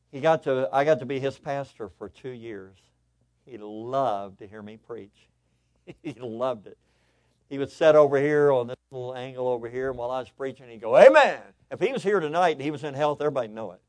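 A male pastor preaching a sermon, telling personal stories in an animated, excitable way with lots of repetition. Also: medium pitch, no room sound.

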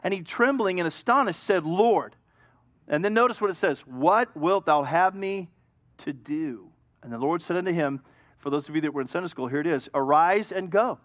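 A man pastor preaching a sermon, swinging between loud emphasis and hushed storytelling. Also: sits high, no room sound, clean studio sound.

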